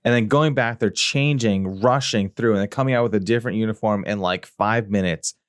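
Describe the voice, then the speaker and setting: A man with a low voice, co-hosting a casual podcast. He tells stories in an animated way and acts out what others said, recorded close and dry with no room sound. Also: a little fast, clear, resonant tone, dry recording. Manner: animated anecdote-telling with sound effects and acted quotes. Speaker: podcast co-host. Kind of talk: casual chat, storytelling.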